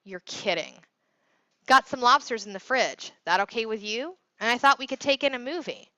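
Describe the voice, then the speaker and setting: A caring but firm middle-aged father, voiced by a woman reading a novel aloud, laying down the rules with fatherly warmth. The tone stays bright and close to her own. The sound is dry and a little dull. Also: fairly high pitch, animated, moderate pace, dry recording, pitched above the performer's own voice.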